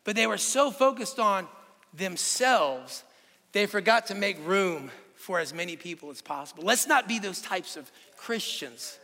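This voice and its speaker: A man preaches with bright, ringing energy, building his point through stories and rhetorical questions. His voice sits high for a man, and it carries a long reverb from a large hall. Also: measured pace, vocal fry. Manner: animated storytelling with rhetorical questions. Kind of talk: sermon.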